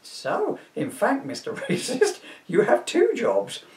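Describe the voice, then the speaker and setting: A man's voice: extremely high pitch, huge pitch swings, slow pace, darkish tone, voice pushed up, heavily acted. Condescending officious bureaucrat, prim and sing-song; a man puts it on. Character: smug officious male bureaucrat. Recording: roomy, from a distance.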